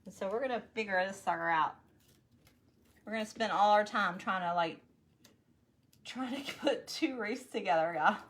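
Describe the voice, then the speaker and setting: A woman's voice: mid-range voice, normal speed, pauses often, fairly bright tone. A woman hosting a casual live craft stream, chatting to viewers and laughing often. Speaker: craft livestream host.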